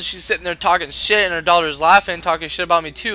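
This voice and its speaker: A man's voice: high-pitched, quick pace, sharp tone, no echo. A young man working a retail service desk, telling customer stories in an exasperated, profanity-laced rant. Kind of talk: ranting storytime vlog.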